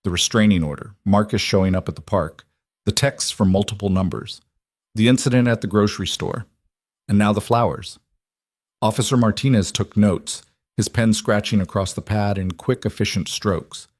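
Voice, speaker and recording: A man reading a story aloud as its narrator, in steady scripted narration. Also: fairly low pitch, normal speed, no room sound, studio quality.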